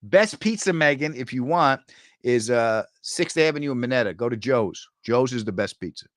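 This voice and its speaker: Lively New York comedian, dry close mic. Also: male voice, normal speed, no room sound. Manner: jokey, animated storyteller with sudden high bursts. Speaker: comedian hosting a live chat. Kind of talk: casual chat answering viewer comments.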